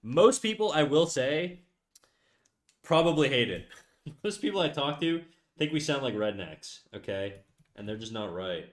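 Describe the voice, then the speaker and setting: A man's voice: medium pitch, lively intonation, measured pace, pauses often. Casual Québécois man chatting on stream. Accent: Québécois French. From Quebec, Canada. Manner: rambling, self-mocking, switches between French and English. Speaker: livestreaming artist. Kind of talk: casual livestream chat.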